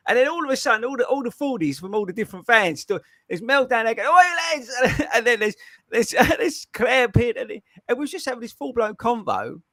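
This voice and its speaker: Animated, high-pitched man. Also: a little fast, no room sound, studio quality. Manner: animated, laughing storyteller. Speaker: podcast host. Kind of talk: casual chat.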